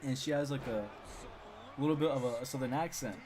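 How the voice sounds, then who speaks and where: A man's voice: mid-range voice, a little fast, a little mellow. A young man casually telling a funny school story on a live stream, rambling with lots of repeats and chuckles.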